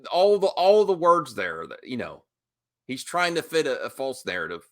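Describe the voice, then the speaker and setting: A man's voice: medium pitch, wildly swooping pitch, moderate pace, a bit bright. A man doing heated reaction commentary, talking back at a video clip in a combative, mocking way.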